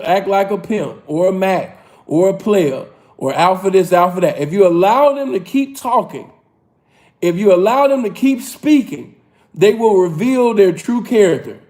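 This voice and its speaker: A man with a notably high-pitched voice talks back at video clips during a livestream. He speaks in street slang and leans into a preachy, drawn-out emphasis, often repeating a line to drive it home. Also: expressive, darkish tone. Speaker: livestream reaction host. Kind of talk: casual reaction commentary.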